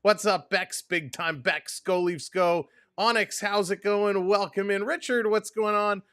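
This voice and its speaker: A man's voice: high-pitched, fairly even intonation, unhurried, fairly bright tone, dry recording, clean studio sound. A man hosting a live hockey watch-along stream, greeting chat viewers by name in an upbeat, casual way. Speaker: sports stream host.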